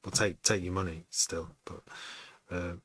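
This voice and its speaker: Deep-voiced, bright, rambling man. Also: flat delivery, a little slow, dry recording. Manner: rambling, swears often, laughs at himself; starts and stops mid-sentence, repeats words. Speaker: music producer streaming a session. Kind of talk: casual chat.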